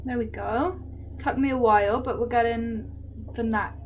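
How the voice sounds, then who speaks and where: A woman from England whose accent has drifted Welsh, talking to her viewers as she paints. Her voice sits a touch high. She keeps it casual and chatty, breaking into laughs as she answers comments. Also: steady tone, moderate pace, a little hiss or hum. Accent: Welsh-tinged English. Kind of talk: casual chat while painting.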